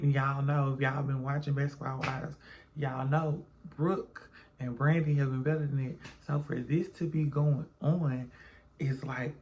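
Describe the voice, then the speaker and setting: A man's voice: medium pitch, little pitch movement, unhurried, a little mellow. A man recapping a reality TV episode in a chatty way, calling viewers y'all and baby, sleepy and yawning at home in the early morning. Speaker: reality TV reviewer. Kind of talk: casual recap vlog.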